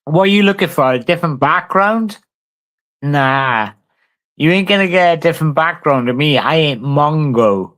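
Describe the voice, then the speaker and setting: A brash man, swearing freely and bickering with his live chat. His voice sits a touch high, loose and conversational, like someone reading comments aloud and firing back. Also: moderate pace, fairly bright tone. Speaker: livestreamer. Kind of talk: casual live-stream chat.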